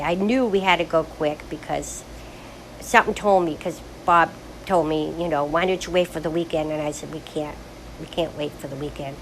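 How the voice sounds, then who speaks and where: A woman's voice: sits low, a bit bright, slight background noise, low-quality recording. Older woman, frank and rambling. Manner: rambling, frank, with many restarts. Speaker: grandmother sharing life stories. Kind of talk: casual reflective monologue.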